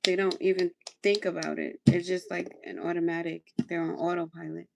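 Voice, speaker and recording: A woman's voice: on the low side, little pitch movement, brisk, creaky, noisy background. A woman hosting a casual livestream, chatting through her skincare routine in a coaching tone and repeating phrases for emphasis. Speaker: livestream host.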